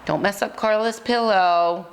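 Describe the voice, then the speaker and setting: A woman playfully interviewing her dog in a casual home video, hesitant and coaxing with many pauses. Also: mid-range voice, creaky. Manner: hesitant, full of ums, coaxing.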